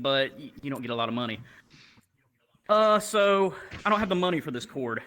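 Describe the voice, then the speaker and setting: A man's voice: a little high, a little hiss or hum. A man telling a stand-up story, acting out the people in it with shifting voices. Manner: animated, acts out characters with shifting voices. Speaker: stand-up comedian. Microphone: VR headset mic. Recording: live crowd audible. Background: crowd laughter.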